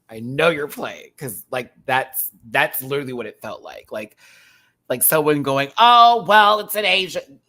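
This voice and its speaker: A man hosting a live-streamed casual review chat, rambling and animated, laughing often and full of fillers. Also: medium pitch. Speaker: host reviewing a TV show.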